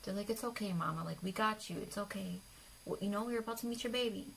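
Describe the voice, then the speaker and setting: A young woman vlogger telling a personal story to her viewers in a confiding, emotional way, often dropping to soft near-whispers. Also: medium pitch, fast, vocal fry, a little hiss or hum, rough recording.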